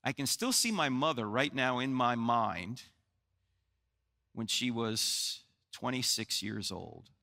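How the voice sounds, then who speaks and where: A man in his sixties from New Jersey, USA, gives a live Christian apologetics lecture in a large hall, his medium-pitched voice slow and creaky. He's an animated storyteller who tosses in jokey asides and acts out dialogue, and the audience is heard amid long hall reverb.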